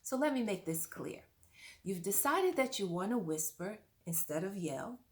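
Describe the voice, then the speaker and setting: A woman's voice: mid-range voice, lively intonation, normal speed. A woman parent coach giving earnest, direct-to-camera advice, often putting questions to the listener.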